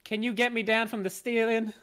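A man playing a flustered lady who is stuck to the ceiling, rambling in a high voice. It is loose improvised comedy. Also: little pitch movement, a little fast, a bit bright. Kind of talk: improvised comedy role-play.

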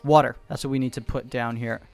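A man giving fast, excitable gameplay commentary from home, repeating short calls in quick bursts. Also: mid-range voice, vocal fry. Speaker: gaming YouTuber. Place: home room.

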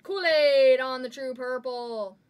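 A woman hosting a live trading card break, excitedly calling out each card as she pulls it. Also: sits high, clear, resonant tone. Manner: excitable, calls out cards rapidly.

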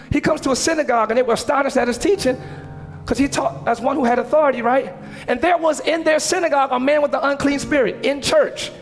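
A man preaches to his congregation with a strikingly high voice, swinging between casual slangy asides and shouted, animated passages. Steady music plays underneath him in the church sanctuary. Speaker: pastor. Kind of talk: sermon.

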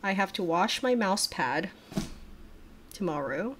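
A woman's voice: mid-range voice, lively intonation, slow pace, a bit bright, slight background noise. A young adult woman hosting a casual reaction livestream from her home desk, chatty, laughing often and swearing casually.

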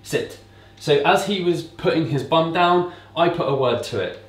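A man's voice: a little high, normal speed, far from the mic. Man explaining dog training in a roomy echo. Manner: relaxed, explanatory, repeats commands to mimic owners. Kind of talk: casual instructional talk. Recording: roomy echo, speaker away from mic.

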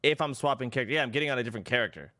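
A man's voice: mid-range voice, very fast, sharp tone, dry recording, studio quality. A young man chatting casually on a livestream, rambling and swearing freely. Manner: rambling, profane, exclaiming.

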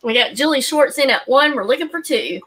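Woman co-host calling auction bids, high and bright voice, quick jokes. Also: expressive, husky, poor audio. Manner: quick, joking asides.

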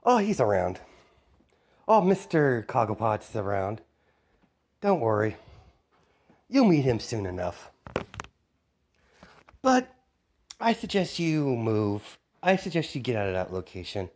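A man's voice: mid-range voice, sing-song, slow pace, long pauses, darkish tone, exaggerated voice. A man voicing a gleeful villainous boy, the Joker's son, in a taunting, cheerfully menacing manner. He is telling a casual homemade story.

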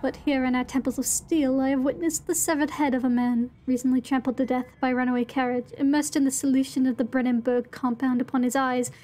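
Woman putting on a pompous English gentleman. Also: high-pitched, level tone, fast talker, hardly any pauses, natural voice. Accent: put-on English. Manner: theatrical, pompous reading. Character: grandiose Victorian gentleman writing a journal.

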